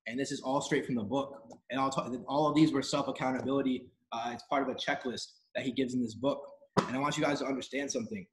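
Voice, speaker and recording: A man with a mid-range voice and steady tone hosts a live online team training call, talking fast over a noisy background. His motivational talk is emphatic and repetitive, delivered in slangy, casual speech.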